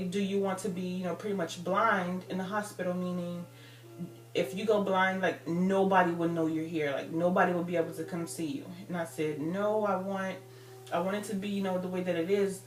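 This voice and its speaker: A woman's voice: on the low side, distant mic. A woman in her thirties telling a personal story in a rambling casual way, full of fillers. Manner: rambling, many "like" and "you know" fillers. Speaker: vlogger. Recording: roomy, off-mic with faint music.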